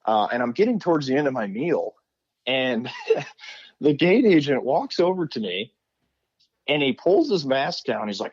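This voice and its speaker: Male podcast guest, mid-pitched, animated storyteller, dull lo-fi recording. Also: measured pace, long pauses, breathy edge. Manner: animated storyteller acting out quotes. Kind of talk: casual chat.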